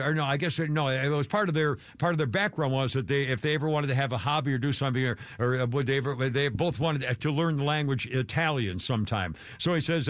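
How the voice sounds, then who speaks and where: A man's voice: on the high side, brisk, a bit bright, no echo. A middle-aged man hosting a radio show, rambling and mocking with many fillers and restarts.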